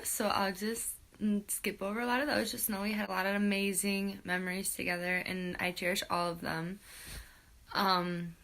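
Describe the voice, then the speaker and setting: A young woman, a college softball teammate, recording a tearful, heartfelt farewell message with halting pauses. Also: mid-range voice. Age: young adult.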